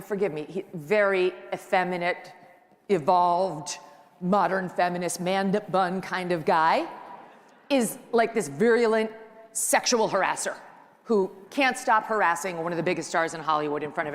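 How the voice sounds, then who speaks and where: A middle-aged woman at mid pitch talks into a handheld mic on a conference stage, chatty and joking as she tells stories to the crowd. Her voice rings out with a long reverb tail from the big hall. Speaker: conference speaker, talk show host. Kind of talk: lively stand-up style speech.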